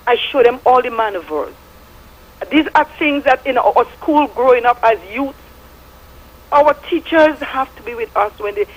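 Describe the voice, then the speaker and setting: Middle-aged Statian Caribbean woman caller, husky, fervent and preachy, lively pitch. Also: low-quality recording. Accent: Statian Caribbean English. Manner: fervent, preachy storytelling with biblical references. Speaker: radio caller. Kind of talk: impassioned call-in testimony.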